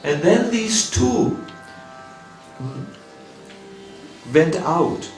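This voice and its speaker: A German-accented man tells a sermon story in a temple, his high voice leaping up and down as he acts out his characters. He speaks slowly with a gravelly edge. He is heard from a distance in an echoey hall with faint music behind. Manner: animated storyteller, acting out characters' lines. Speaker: swami giving a scripture class.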